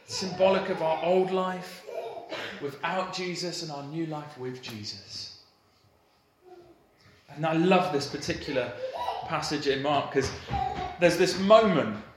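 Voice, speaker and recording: A man in his thirties, a pastor, giving a sermon in a church hall with a warm, playful storytelling manner and light laughter. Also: high voice, noisy background. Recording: roomy hall echo, faint ambience.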